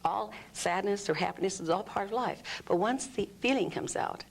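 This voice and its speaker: A woman's voice: mid-range voice, normal speed, creaky, breathy edge. A woman explaining an energy healing technique in an interview, demonstrating groans, sighs and vocal sounds as she talks. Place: room under studio lights.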